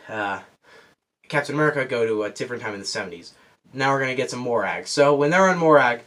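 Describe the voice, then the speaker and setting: Male vlogger, mid-pitched, winded, rambling casual spoiler review. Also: a bit bright. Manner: rambling, loses track and restarts. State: out of breath. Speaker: film reviewer.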